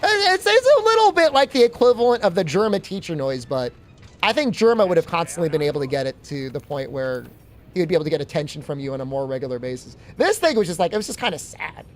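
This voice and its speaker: Animated high-voiced male game streamer. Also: quick pace, a little hiss or hum. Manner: chatty, animated storytelling with laughs. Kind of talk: casual chat while gaming.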